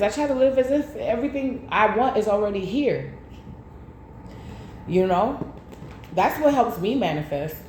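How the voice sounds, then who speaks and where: A woman tarot reader in casual chat, telling stories in an animated way with slang. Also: mid-range voice, a little slow, pauses often. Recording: echoey room with faint noise.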